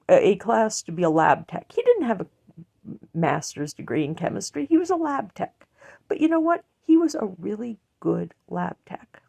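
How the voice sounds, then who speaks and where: Woman rambling earnestly, blunt, kinda high voice with fry in it. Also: a little mellow. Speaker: online commentator. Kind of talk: emotional personal monologue.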